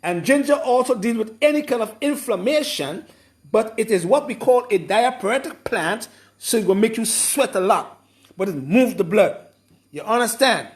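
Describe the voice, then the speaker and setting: A man giving an informal lecture, explaining slowly and repeating his points with emphasis. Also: very high-pitched. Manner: slow, repetitive, emphatic explaining. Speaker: herbalist explaining a program.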